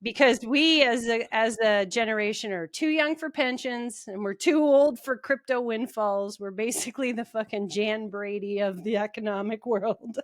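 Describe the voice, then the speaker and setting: A woman's voice: a little high, normal speed, few pauses, no echo, studio quality. A middle-aged woman co-hosting a podcast, joking and laughing often in casual chat. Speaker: podcast co-host.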